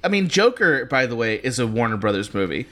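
Man, lively swinging pitch, casual movie chat, laughs often, riffs on ideas. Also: brisk. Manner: animated, laughs a lot, agrees and riffs.

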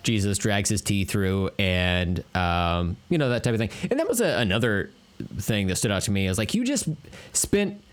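A man's voice: on the low side, big pitch swings, moderate pace. A man co-hosting a podcast, chatting in a laid-back, joking way with frequent swearing and "uh" fillers. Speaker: podcast co-host. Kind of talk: casual chat.

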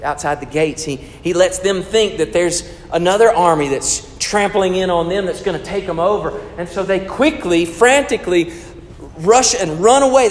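A man with a high, bright-pitched voice delivers a sermon in a church, his words ringing with a long hall reverb. He swings from loud emphasis down to hushed, intimate storytelling. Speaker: pastor.

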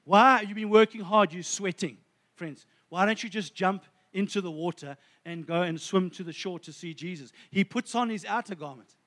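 A man's voice: high-pitched, normal speed, fairly bright tone. A man preaching a sermon, retelling a story and often calling his listeners friends, with many restarts. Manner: addresses listeners as friends, stumbles through restarts.

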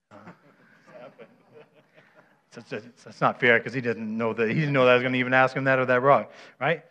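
A man's voice: mid-range voice, little pitch movement, brisk, long pauses, pushed and bright. A man preaching a conversational sermon, often checking in with the congregation with "right?" as he leads a live demonstration. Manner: asks the audience questions, often adds "right?". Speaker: pastor. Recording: dull, muffled recording.

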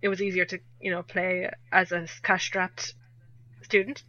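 A woman's voice: on the low side, flat delivery, moderate pace, bright, forceful tone, no echo. A young woman with an Irish accent chatting casually as a guest, laughing often and poking fun at herself. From Ireland. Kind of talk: casual chat. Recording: dull lo-fi dry audio.

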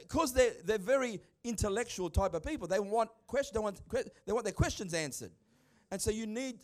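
A man's voice: sits high, a little mellow. A middle-aged man, preaching a sermon in an emphatic, conversational way. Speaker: pastor.

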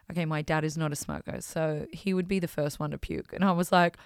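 A woman hosting a podcast, telling stories in an animated, self-mocking way and swearing freely. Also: low-pitched, fairly quick, gravelly, hardly any pauses, smooth, no room sound, clean studio sound. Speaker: podcast host. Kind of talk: casual storytelling.

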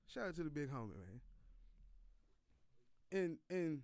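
A man with a fairly high, smooth and clear voice runs through a casual sports rant. He is loose and profane, full of slang, and keeps repeating his points. The sound is close and dry, with no room echo. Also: big pitch swings, measured pace, darkish tone. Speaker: sports podcast host. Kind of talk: casual sports commentary monologue.

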